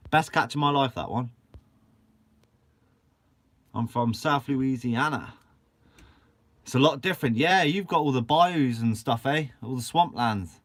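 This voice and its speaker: A young man from Guernsey, hosting a fishing channel and answering live chat in a chatty, upbeat way with casual swearing. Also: mid-range voice. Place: shed.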